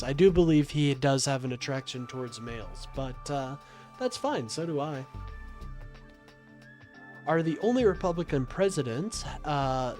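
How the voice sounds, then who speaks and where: A young man with a slightly high voice argues with his chat on a livestream, sarcastic and combative, and keeps calling people "my friend." Faint music plays underneath him. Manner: argumentative and sarcastic, often says "my friend". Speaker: livestream host taking calls and reading chat. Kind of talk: casual political livestream talk.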